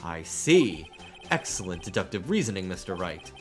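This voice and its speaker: A man voicing a stern older male judge from a video game, making formal, deliberate pronouncements. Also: sits low, big pitch swings, soft background music.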